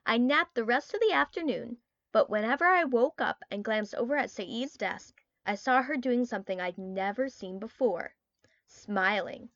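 A woman narrating a children's book in an expressive storytelling style. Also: on the high side, normal speed, no echo, dull audio. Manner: expressive storytelling with quoted character lines. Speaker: audiobook narrator. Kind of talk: scripted narration.

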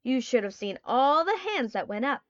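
A woman narrating a children's book in an expressive storytelling style. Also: sits high, moderate pace, dry recording, highs cut off. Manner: expressive storytelling with quoted character lines. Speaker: audiobook narrator. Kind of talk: scripted narration.

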